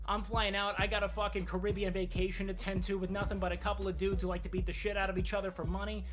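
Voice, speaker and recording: A man's voice: high-pitched, flat delivery, fast talker, music in the background, close to an everyday voice. A man playing a smug, sleazy rich sports caster who brags and rattles off sponsor patter in a comedic role-play. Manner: brash, boastful, salesman patter.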